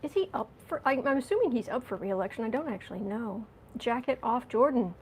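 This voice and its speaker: Woman, casual tarot reader, chatty, giggly, slightly high voice, faint background noise. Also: big pitch swings, quick pace. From United States. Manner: chatty, giggly, talks to viewers and herself. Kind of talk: casual political tarot reading.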